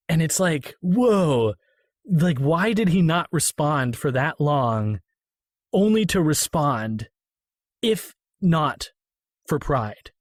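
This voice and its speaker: Talkative man with a higher voice. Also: a little slow, no room sound, studio quality. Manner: animated, quotes film lines in lowered voice. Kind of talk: casual film discussion.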